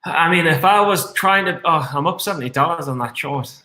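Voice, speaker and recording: Male streamer, tipsy, sweary and excitable, bright pointed tone, echoey room, mid-high voice. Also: a little fast. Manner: swears constantly, excitable, reads chat aloud. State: tipsy from red wine. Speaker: day trader streaming live. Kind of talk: live trading commentary.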